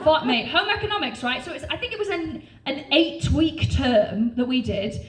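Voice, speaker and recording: A woman's voice: sits high, expressive, moderate pace. A woman in her thirties from North Wales with a North Welsh accent, doing a brash, sweary stand-up routine and tagging her lines with "right?". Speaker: stand-up comedian. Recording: roomy sound from a distant mic, faint noise.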